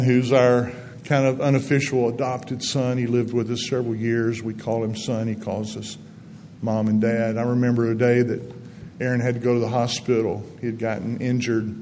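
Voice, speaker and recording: A man in his sixties, a guest speaker giving a folksy, earnest testimony in a church setting. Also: medium pitch. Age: 60s. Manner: folksy storytelling, gentle and earnest. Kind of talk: testimony-style sermon. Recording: long reverb in a hall, faint background noise.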